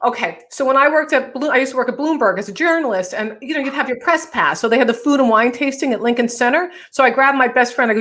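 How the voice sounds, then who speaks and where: A woman's voice: high voice, lively intonation, quick pace, few pauses, fairly bright tone. A woman hosting an interview, chatty and joking as she tells a story. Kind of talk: casual interview chat.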